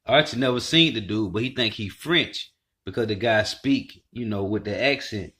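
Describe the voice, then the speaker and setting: A man's voice: on the low side, moderate pace, sharp tone. A man giving casual, emphatic commentary, repeating himself as he talks.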